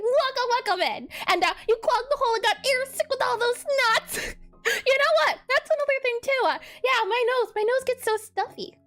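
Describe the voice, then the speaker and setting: Very high-pitched, bubbly woman streamer. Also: a bit bright. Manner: bubbly, frequent stammered restarts and giggles. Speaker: game developer streaming her work. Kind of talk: casual livestream chat.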